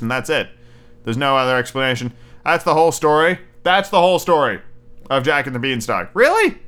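Bright-voiced man hosting a chatty podcast. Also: fairly high pitch. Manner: wry, chatty asides. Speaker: podcast host. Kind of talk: casual podcast fairy-tale reading.

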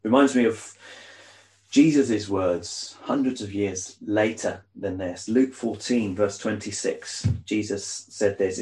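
A man preaching a sermon in a conversational, animated way, with asides and rhetorical questions. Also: fairly low pitch, takes it slowly, reverberant.

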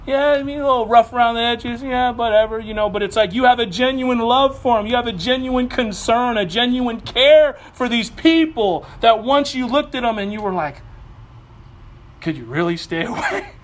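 High-voiced man preaching casually. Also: normal speed, hardly any pauses. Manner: lively, conversational preaching with humor and asides. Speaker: pastor. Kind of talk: sermon.

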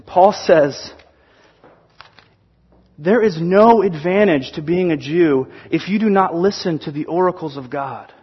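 A man preaching a sermon, telling stories in an animated way and acting out the quotes. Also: on the high side, a little slow, slightly rough, lo-fi sound. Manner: animated storytelling, acts out quotes. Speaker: pastor.

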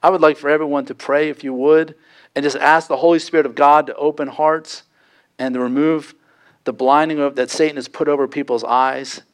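A man's voice: fairly high pitch, fairly even intonation, a little fast, clean tone. A man preaching a sermon, earnest and pleading, his voice climbing for emphasis. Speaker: pastor.

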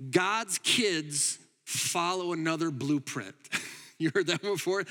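A man preaching a sermon as pastor, animated and emphatic, often laughing. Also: sits high, in a large hall.

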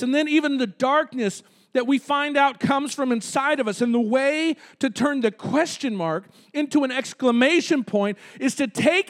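A man's voice: extremely high pitch, fairly bright tone. A male pastor preaching a conversational sermon in a church, calling out to the congregation. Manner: conversational preaching with audience call-outs. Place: church sanctuary.

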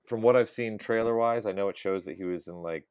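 A man guesting on a casual podcast, relaxed and laughing often. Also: on the low side, brisk, clear, resonant tone, no echo, clean studio sound. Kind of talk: casual chat.

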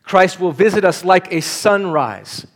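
Earnest preacher, a man with a fairly high voice. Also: expressive, a little slow. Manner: earnest preaching, rising to urgent appeals. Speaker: pastor. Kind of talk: sermon. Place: church service.

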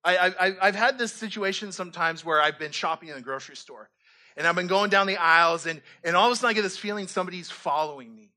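A man preaching with a high, bright voice that stays animated. He slips into playful voices for the people in his stories and jokes along the way. His sermon talk is lively and easygoing. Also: quick pace. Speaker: pastor.

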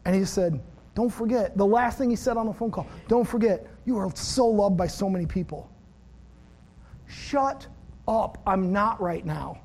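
A middle-aged man with a notably high voice preaches in an easy, conversational way. He acts out little dialogues with a friend as he talks to his congregation. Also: a little fast, few pauses, darkish tone. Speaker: pastor. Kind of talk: sermon.

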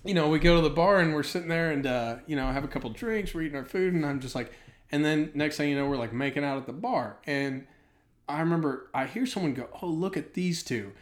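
A middle-aged man casually chatting, telling an animated anecdote and laughing through it. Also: a little high, fast. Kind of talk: casual storytelling chat.

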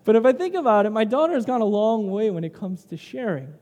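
Man, preacher, casual sermon, keeps saying "right?", mellow voice, long hall reverb. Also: high-pitched, sing-song, quick pace. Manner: conversational, tags lines with "right?". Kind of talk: sermon with personal stories.

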